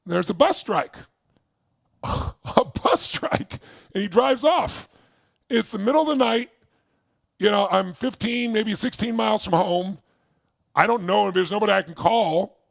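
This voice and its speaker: A man's voice: sits high, normal speed, gravelly, no echo. A man from Southern California giving an intense motivational talk, telling his own story to a live crowd. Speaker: motivational speaker.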